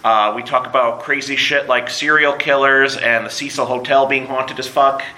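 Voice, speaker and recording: A man hosting a live podcast at a convention, joking and plugging shows quickly with casual profanity. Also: medium pitch, fairly even intonation, bright, forceful tone. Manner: joking, rapid plugs with profanity. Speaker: podcast host. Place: convention room with audience. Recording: live room recording with background noise.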